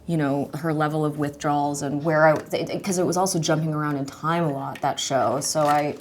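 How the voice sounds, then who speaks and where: A woman's voice: deep voice, steady tone, a little fast, background noise. An American woman in her twenties, a guest actor in a casual interview, chatty and rambling with many fillers and giggles. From United States.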